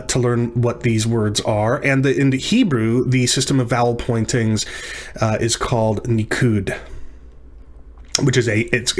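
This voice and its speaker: A man teaching a recorded lesson at a mid pitch. He explains each term patiently, repeats words and restarts his sentences now and then. He speaks into a desk microphone for a screen recording. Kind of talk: recorded lecture practice session.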